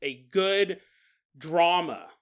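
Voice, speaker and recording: A man's voice: high-pitched, drawn-out words, clear, resonant tone. A man hosting a podcast alone, talking casually and playfully, often laughing at his own jokes. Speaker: podcast host. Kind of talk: casual monologue.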